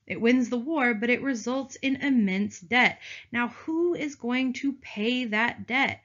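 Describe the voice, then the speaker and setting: A woman's voice: fairly high pitch, slow pace, fairly bright tone. A young woman teaching a history video lecture in a chatty, playful way, often calling her students "you guys". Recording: dull lo-fi recording.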